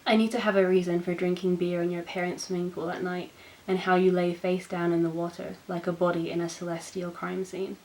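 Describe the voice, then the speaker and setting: Expressive young woman reading poems. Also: on the low side, fairly quick, few pauses, low-quality recording. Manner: expressive, self-mocking. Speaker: book channel host. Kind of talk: poetry reading.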